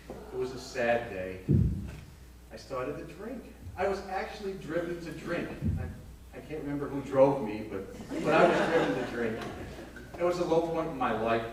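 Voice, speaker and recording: A man with a fairly high, everyday-sounding voice performs as a bawdy aging woman telling racy stories in a live vaudeville comedy monologue on a small theater stage, teasing the audience between punchlines. A distant camera in the house captures a noisy, echoey hall with audience laughter.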